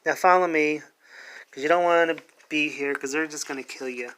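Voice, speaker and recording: A man voicing a folksy male guide from a comic, brisk and reassuring. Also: on the high side, steady tone, fairly bright tone, close to an everyday voice. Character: folksy male guide hurrying heroes along.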